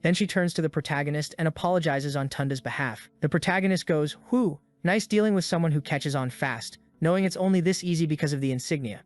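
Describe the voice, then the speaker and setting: A man's voice: a little high, quick pace, hardly any pauses. A man casually retelling a comic story as a recap narrator, chatty and breezy, slipping into the characters' lines as he goes.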